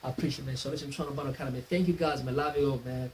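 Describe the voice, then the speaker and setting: A man, a tutor, thanking his viewers in a casual, warm way and calling them "man" again and again. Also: medium pitch, steady tone, fairly quick, slight background noise, rough recording. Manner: warm, repeats "man" constantly. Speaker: online maths tutor.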